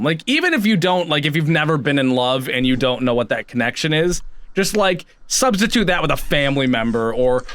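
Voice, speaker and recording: A young man chatting casually as a podcast co-host, acting out his own reactions in a squeaky voice. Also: no room sound. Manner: animated, acts out quotes with squeaky high voice.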